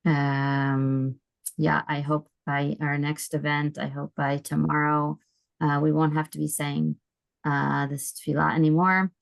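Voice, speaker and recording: Middle-aged American woman host, low gravelly voice, hesitant and halting, dry video-call sound. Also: flat delivery, no room sound. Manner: hesitant, many ums and restarts. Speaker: host of an online book event. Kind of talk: casual video call announcements.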